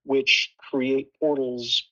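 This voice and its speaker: A man's voice: medium pitch, little pitch movement, very slow, pushed and bright, muffled recording. A man speaking as a production designer in a casual panel talk, thoughtful and full of restarts.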